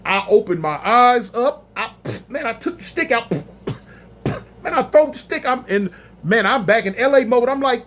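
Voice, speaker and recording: High-voiced man telling a slangy story. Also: moderate pace. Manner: animated, slangy, acts out other voices. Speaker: storyteller recounting prison life. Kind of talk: casual storytelling monologue.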